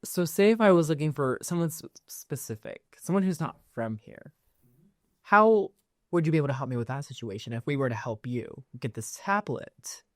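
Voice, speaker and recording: A woman's voice: low-pitched, lively intonation, moderate pace, dry recording, studio quality. A woman playing a tabletop game, asking guarded, probing questions. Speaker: player.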